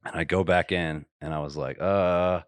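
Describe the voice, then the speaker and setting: A man's voice: sits low, fairly even intonation, moderate pace, smooth, dry recording. A man hosting a podcast, telling a story with laughs and dropping to a whisper for asides. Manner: laughing anecdotes, drops to a whisper for quoted asides. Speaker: podcast host. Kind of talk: casual storytelling chat.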